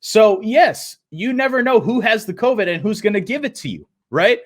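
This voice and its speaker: High-voiced man ranting about football. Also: expressive, moderate pace. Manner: exasperated, emphatic, repeats points. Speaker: podcast host. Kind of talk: sports fan reaction rant.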